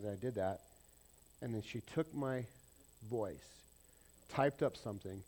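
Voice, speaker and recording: Animated preaching man, medium pitch. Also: normal speed, pauses often. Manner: animated, swings between loud exclamation and low confiding asides; rhetorical questions to the congregation. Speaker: pastor. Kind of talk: sermon.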